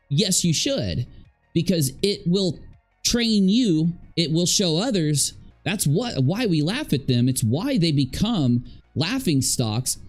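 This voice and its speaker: A man's voice: on the high side, a little mellow. A man hosting a commentary channel, ranting emphatically and rambling, repeating phrases while he eats and drinks. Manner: talking while eating and drinking.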